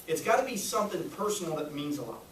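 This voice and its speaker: A man's voice: on the high side, sing-song, quick pace, far from the mic. A man running a sales training session for a group, jokey and always checking in with the room. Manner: jokey, keeps checking in with "right?". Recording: echoey room recorded from afar, faint noise.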